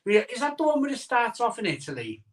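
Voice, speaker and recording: Fast-talking, with a very high voice and huge pitch swings, a middle-aged live-stream host chats casually. He jokes, chuckles a lot and banters with stories while reading viewers' comments.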